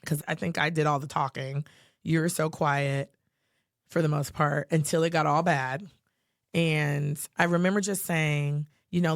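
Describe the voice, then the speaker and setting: Animated podcast storyteller, very dry sound. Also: medium pitch, moderate pace, no echo. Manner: animated storyteller who acts out quotes, with many fillers. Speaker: podcast co-host. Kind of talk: personal storytelling.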